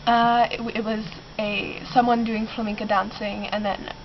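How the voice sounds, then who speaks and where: Speaking at a normal speed in a slightly high, level voice, this teenage girl from Canada is sick and keeps clearing her throat. She rambles and giggles through a casual bedroom vlog full of ums, shot in a basement. The audio sounds muffled and lo-fi, and background noise comes through clearly.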